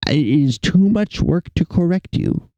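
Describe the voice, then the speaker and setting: A man's voice: fairly high pitch, expressive, a little slow, dark tone, no echo. A young man streaming while he draws, chatting with viewers in a rambling, self-mocking, jokey way. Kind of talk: casual livestream chat while drawing.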